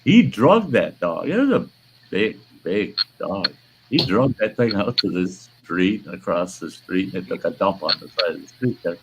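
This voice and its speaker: A man's voice: deep voice, expressive, moderate pace, background noise. An older man hosting a casual livestream chat, telling stories in a blunt, profane way. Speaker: host.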